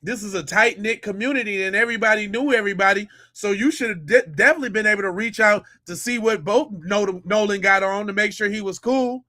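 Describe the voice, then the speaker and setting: Man, podcast host, sarcastic slangy commentary, high voice, bright and forceful. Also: brisk, few pauses. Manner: mocking, incredulous, slangy.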